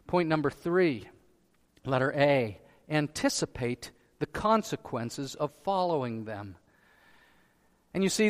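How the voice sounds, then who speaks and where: A man preaching a sermon as pastor, asking rhetorical questions and rising to loud emphasis. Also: fairly high pitch, long reverb tail. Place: church sanctuary.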